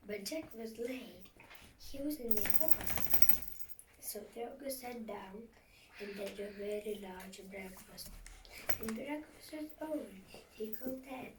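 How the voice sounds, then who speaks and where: A woman reading a fairy tale aloud, often in a hushed whisper, with a dramatic manner. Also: a little high, measured pace. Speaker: storyteller. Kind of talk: storybook narration, often whispered. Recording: echoey room, far from mic, faint hiss.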